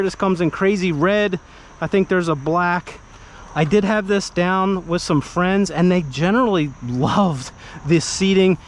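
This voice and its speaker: A man with a slightly high voice gives a relaxed, conversational car review. He walks the listener through the vehicle in an animated, talky way and acts out little buyer exchanges. A faint hiss of background noise sits under the recording. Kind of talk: casual car review walkaround.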